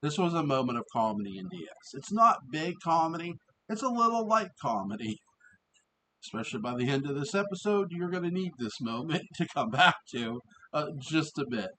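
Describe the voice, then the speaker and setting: A man giving a casual, rambling review of an old TV episode. He often restarts, fills pauses and laughs as he talks. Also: fairly high pitch, big pitch swings, bright, forceful tone, slight background noise, rough recording.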